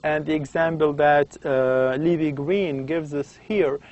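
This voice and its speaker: A man's voice: fairly high pitch, fairly even intonation, unhurried, a little mellow, dull audio. A man whose first language is Arabic, giving a university lecture in a hesitant way with many fillers and restarts.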